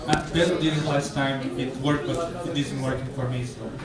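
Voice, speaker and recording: A man's voice: medium pitch, steady tone, normal speed, a loud crowd. A man performing a live stand-up set in a bar, hesitant with stammering restarts. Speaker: stand-up comedian. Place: bar stage, indoors. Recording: roomy, distant mic, faint ambience.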